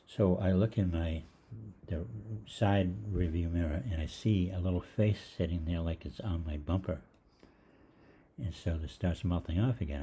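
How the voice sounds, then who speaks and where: A man, middle-aged, telling a rambling funny story in casual talk, halting with fillers and restarts and acting out the other voices. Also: low-pitched, mellow. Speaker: online health show host.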